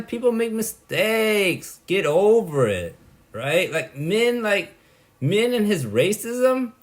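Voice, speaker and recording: A man with a somewhat high voice rambles through a monologue at an unhurried pace. His pitch swings widely as he talks in a blunt, exasperated way, tossing in "right?" and "like" again and again. He sounds dismissive. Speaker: vlogger.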